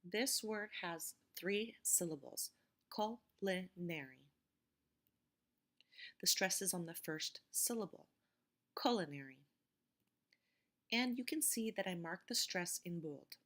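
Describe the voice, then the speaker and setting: A woman teacher giving a recorded vocabulary lecture and reading word lists slowly, stressing each syllable with care. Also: fairly low pitch, fairly bright tone. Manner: slow, careful pronunciation drills.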